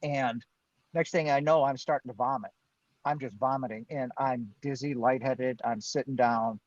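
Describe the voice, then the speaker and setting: A man's voice: mid-range voice, fairly even intonation, normal speed, no echo. A man, a guest on a live Q&A, telling his own story with animation, acting out what he and others said and laughing now and then. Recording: dull, dry lo-fi stream audio.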